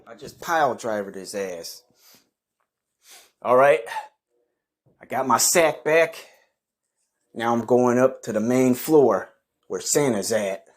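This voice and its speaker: A man narrating a comic story in a profane, deadpan way. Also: mid-range voice. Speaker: comedian narrating a skit.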